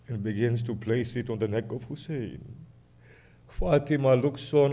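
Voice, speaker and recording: Slow, mournful male preacher. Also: medium pitch, dark tone. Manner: dramatic, grieving. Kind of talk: mournful sermon narration.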